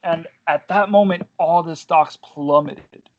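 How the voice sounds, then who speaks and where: Higher-voiced man telling rambling stories. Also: slow, highs cut off. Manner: rambling storytelling, loose slang and swearing. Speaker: podcast host. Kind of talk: casual chat.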